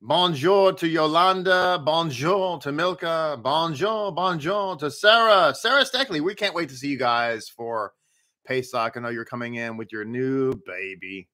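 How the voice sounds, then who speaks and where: A rabbi teaching to his online viewers, upbeat and chatty, who keeps putting rhetorical questions to them. His voice is bright and forward and sits somewhat high for a man. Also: measured pace. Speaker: rabbi teaching a daily Torah study. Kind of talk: live-streamed teaching and greetings to viewers.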